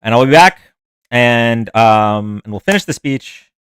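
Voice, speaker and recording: Man, livestream host, casual rambling chat, mid pitch, dry close sound. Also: lively intonation, unhurried, fairly bright tone, smooth, no room sound. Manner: rambling, chatty, talks to viewers' comments.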